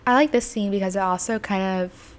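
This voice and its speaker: A woman's voice: mid-range voice, a little fast. A woman co-hosting a podcast, chatting casually with fillers and frequent laughs as she reads through scripts. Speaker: podcast co-host.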